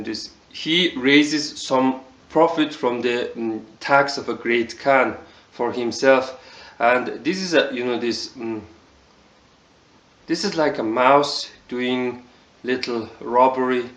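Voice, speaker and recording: A man with a Mongolian accent giving a casual spoken review, halting and full of fillers. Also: mid-range voice, roomy sound. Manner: halting, many fillers like "you know, this". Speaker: video reviewer.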